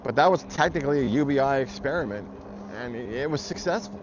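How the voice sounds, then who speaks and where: A man's voice: medium pitch, animated, fast talker. Swearing man ranting over traffic noise. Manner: heated, profane, blunt. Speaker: vlogger. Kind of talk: angry political rant. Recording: muffled audio with loud traffic noise.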